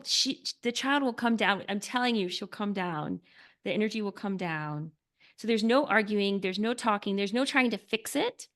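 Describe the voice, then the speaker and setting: A woman author talking earnestly as a podcast guest, often filling with "like" and dropping to a soft hush when describing calm. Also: medium pitch. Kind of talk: podcast interview.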